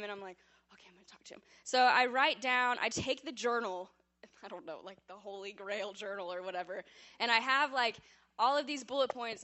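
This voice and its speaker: Her voice is on the high side as she shares her testimony with a church congregation. Lively and talkative, she pokes fun at herself, even saying she yells when she speaks.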